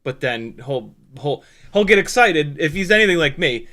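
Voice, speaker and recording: Guy hosting a live stream, bright slightly high voice, jokey, swears a lot. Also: normal speed. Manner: joking, animated, swears freely. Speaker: livestream host. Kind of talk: casual live-stream chat.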